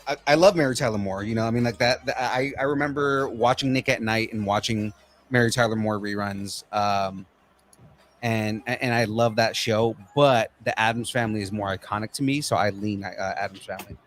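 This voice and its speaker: A man's voice: on the low side, fairly even intonation, moderate pace, a little hiss or hum. Chatty, teasing man co-hosting a show. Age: young adult. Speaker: podcast co-host. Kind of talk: casual chat.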